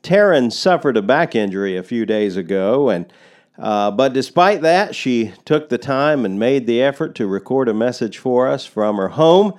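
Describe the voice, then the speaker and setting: A man's voice: mid-range voice, lively intonation, moderate pace, darkish tone. A man acting as host, giving a formal introduction to a guest preacher.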